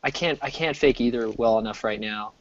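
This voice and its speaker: An American man in his thirties chatting casually while he streams, rambling, restarting sentences and getting animated. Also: medium pitch, brisk. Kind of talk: casual chat. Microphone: desk mic. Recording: dull lo-fi mic.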